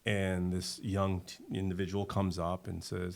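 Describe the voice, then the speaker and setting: A middle-aged man with a very low voice and a gravelly, creaky texture. He is an emphatic, animated storyteller who guests on a casual podcast. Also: unhurried. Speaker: guest, winery owner.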